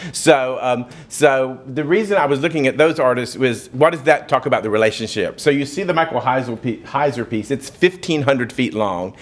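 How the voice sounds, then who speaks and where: A man with a Southern US accent giving a casual slide lecture at a museum, talking conversationally with wry asides and fillers. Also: mid-range voice. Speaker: museum talk speaker.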